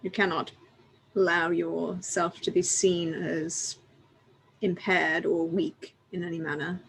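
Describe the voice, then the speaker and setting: Player voicing a stern elf hunter, formal and blunt, mid pitch, bit of hiss. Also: little pitch movement, slow, gravelly, a bit bright, rough recording. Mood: earnest. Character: stern elven hunter addressing the Inquisitor. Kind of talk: in-character tabletop role-play.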